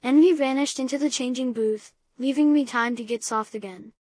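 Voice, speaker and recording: A woman reads a first-person story aloud at a steady, even pace. Her voice sits a little high, and it is recorded close up with no room sound at all. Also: normal speed, no echo. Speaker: audiobook reader.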